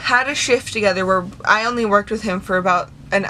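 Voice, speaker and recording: Bright-voiced young woman telling a story. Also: medium pitch, fast talker, slight background noise. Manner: heavy swearing, animated retelling. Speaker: vlogger. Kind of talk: casual storytime vlog. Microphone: camera mic.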